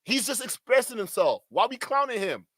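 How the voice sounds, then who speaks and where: A man's voice: very high voice, sing-song, moderate pace, a bit bright, no room sound, clean studio sound. A man hosting a livestream, giving heated, profane commentary in a ranting manner. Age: adult. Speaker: streamer host.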